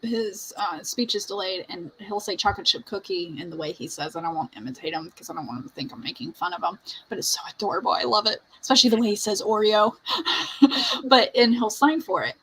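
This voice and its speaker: A woman's voice: medium pitch, brisk, fairly bright tone, a little hiss or hum, rough recording. A woman hosting a livestream, telling a family story in chatty conversation and laughing often. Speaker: livestream host. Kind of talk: casual group chat on a livestream.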